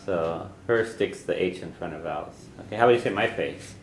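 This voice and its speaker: Low voiced guy teaching a class, says stuff over and over, quizzes people, roomy echo w faint hiss. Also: moderate pace. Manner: patient, repeats phrases and quizzes students. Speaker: language teacher. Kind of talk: classroom lesson. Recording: echoey room, faint background noise.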